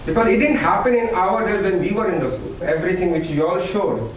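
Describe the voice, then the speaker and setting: A man from Pakistan gives halting, earnest testimony. His voice sits fairly high. He is heard from a distance in a very echoey space with faint noise. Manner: earnest, halting, repeats words. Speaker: interviewee giving testimony. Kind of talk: personal testimony.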